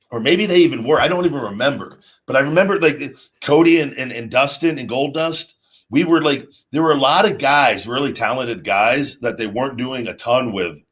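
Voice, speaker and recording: Middle-aged male host, average pitch, chatty rambling storyteller on a live stream. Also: a bit bright. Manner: rambling, frequent restarts, storytelling with acted quotes. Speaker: podcast host. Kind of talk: casual live-stream chat.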